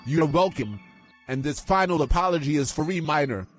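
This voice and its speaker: A man's voice: a little high, expressive, normal speed. A man voicing a bossy, hot-tempered young male character who hurls insults at others and later apologizes in earnest. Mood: apologetic. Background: music.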